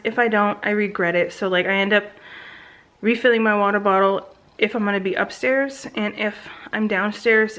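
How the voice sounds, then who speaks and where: A woman's voice: mid-range voice, fairly bright tone, poor audio. A woman in her thirties talking casually to a camera at home in a pregnancy vlog update, chatty and rambling with many ums and likes. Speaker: vlogger. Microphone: camera close by.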